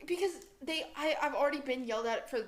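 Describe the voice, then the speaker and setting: A woman's voice: high-pitched, quick pace. A young woman co-hosting a podcast, telling retail stories in casual chat, laughing often and acting out quotes. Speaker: podcast co-host.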